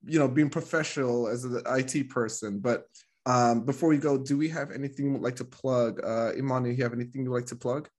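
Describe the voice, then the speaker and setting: A man's voice: mid-range voice, fairly even intonation, brisk, darkish tone. A man hosting a podcast in casual chat, rambling with lots of fillers and laughing often. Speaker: podcast host.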